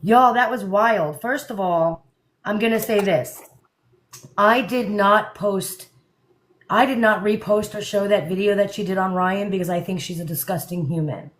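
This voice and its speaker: A woman's voice: mid-range voice, a little slow, rough recording. A woman hosting a live stream, chatting casually and speaking her mind. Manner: outspoken, chatty.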